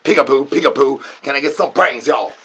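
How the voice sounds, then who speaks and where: A man's voice: mid-range voice, fairly quick, fairly bright tone, breathy edge. A man hosting his own stream, riffing through a rambling, absurd comedy monologue full of slang and silly repeated catchphrases. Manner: crude, slangy, joking patter with playful repeated catchphrases.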